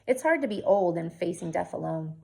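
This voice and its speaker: A woman's voice: on the low side, animated, a little fast, creaky, dark tone. A woman reading the part of a practical mother who explains things firmly and earnestly. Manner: explaining, matter-of-fact.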